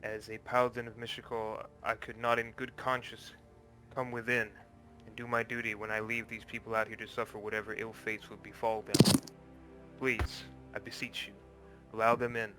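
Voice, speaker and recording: A man's voice: fairly low pitch, flat delivery, normal speed, over music, lightly acted. A man playing an earnest paladin who speaks in a formal, old-fashioned way. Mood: pleading. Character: earnest young male paladin, formal and pleading.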